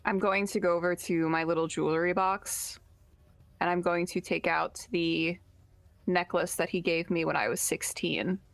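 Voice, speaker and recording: Young woman player, kinda low voice, hesitant, um-ing, faint music. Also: steady tone, moderate pace, gravelly, dry recording. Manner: hesitant, full of fillers. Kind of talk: playing a tabletop game.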